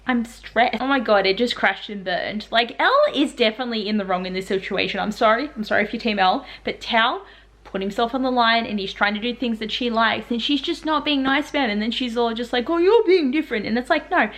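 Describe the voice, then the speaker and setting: Excitable young woman gushing in a vlog. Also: on the high side, brisk. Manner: excitable, gushing, laughs often. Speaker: book vlogger. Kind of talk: casual reaction vlog.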